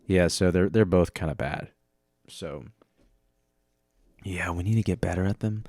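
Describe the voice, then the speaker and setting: Low-voiced male podcast host, joking and rambling, dry close sound. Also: fairly even intonation, moderate pace, pauses often, a little mellow, no room sound. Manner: rambling, self-mocking, joking. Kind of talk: casual podcast chat. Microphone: close studio mic with headphone monitoring.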